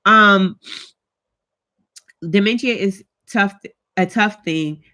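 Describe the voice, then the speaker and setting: A woman's voice: medium pitch, extremely slow, bright, forceful tone. A woman hosting a casual live-stream chat, talking straight to her viewers in a heartfelt, chatty way with African American Vernacular English speech.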